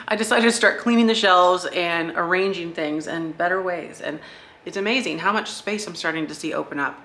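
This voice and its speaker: A man touring his vintage shop on a casual vlog, thinking out loud and chuckling as he goes, recorded on a handheld camera and later a phone. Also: sits high, moderate pace, a little hiss or hum. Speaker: shop owner and vlogger. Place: indoor vintage shop room. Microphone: handheld camera, then phone.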